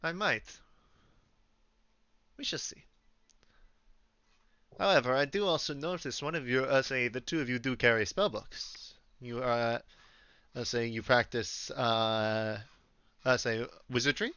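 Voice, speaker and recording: A man's voice: mid-range voice, fairly even intonation, measured pace, long pauses, bright, forceful tone, smooth, no echo, lo-fi sound. A man voicing a haughty young woman, the niece of a powerful druid, with an aloof, dry French accent. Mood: teasing.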